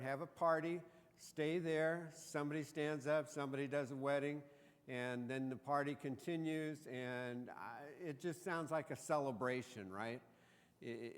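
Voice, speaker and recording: A man's voice: medium pitch, smooth. A man preaching a sermon as a pastor, telling the story in a joking, conversational way. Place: church sanctuary. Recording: reverberant church sanctuary.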